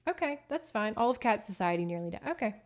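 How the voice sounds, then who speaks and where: A woman hosting a casual book-recap podcast, chatty, animated and freely profane. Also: mid-range voice, fast. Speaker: podcast host.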